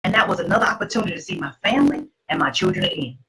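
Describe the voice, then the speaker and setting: A middle-aged woman, host, telling her personal testimony to an audience in an emphatic, preacherly way, with a husky voice. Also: on the low side, huge pitch swings, very fast, fairly bright tone, a little hiss or hum, rough recording.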